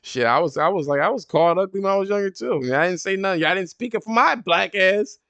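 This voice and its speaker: A man with a fairly high, smooth and resonant voice hosts a casual gaming podcast. He tells stories in an animated, profane way and leaps up in pitch when quoting others. The sound is dry and close. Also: quick pace, no room sound, highs cut off. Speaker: podcast host.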